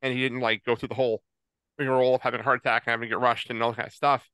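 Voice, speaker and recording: A man in his forties co-hosting a podcast, halting and choked up, with many pauses and fillers. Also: medium pitch, level tone, bright, forceful tone, smooth, no echo. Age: 40s. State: tearful, choked up. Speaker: podcast co-host. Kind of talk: casual podcast chat.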